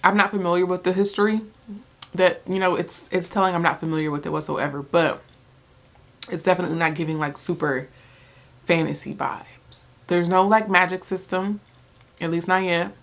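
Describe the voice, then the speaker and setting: A woman's voice: on the low side, fairly even intonation, moderate pace, fairly bright tone. A young woman chatting casually in a book vlog, rambling with many restarts and fillers, sometimes talking while she eats. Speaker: book vlogger.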